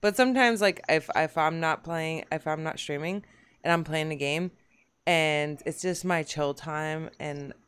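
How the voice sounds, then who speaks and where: A woman hosting a casual gaming podcast, bubbly and quick to tease her co-hosts. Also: deep voice, fairly bright tone, clean tone. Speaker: podcast host.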